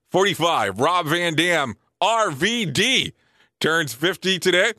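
A man around forty hosting a casual show, reading lists quickly and breaking in with surprised, joking asides. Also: fairly high pitch, lively intonation, bright, forceful tone, dry recording, clean studio sound. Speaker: show host.

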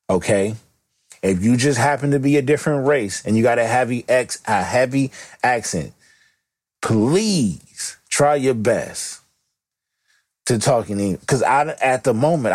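A man's voice: medium pitch, a little mellow, no echo. A middle-aged man hosting a podcast, talking in a joking, rambling, blunt way with lots of slang. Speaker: podcast host. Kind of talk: casual comedic monologue.

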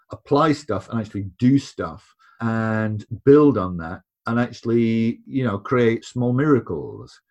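Emphatic low-voiced man. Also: darkish tone, dull audio. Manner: emphatic, repeats words when stressing a point. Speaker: podcast guest. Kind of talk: casual conversation.

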